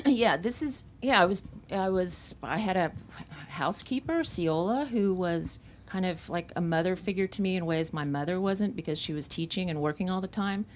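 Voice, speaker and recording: A woman's voice: on the low side, moderate pace, slight background noise. A woman from Central Florida, an author at a bookstore event, telling candid, reflective stories about her memoir. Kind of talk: conversational book talk.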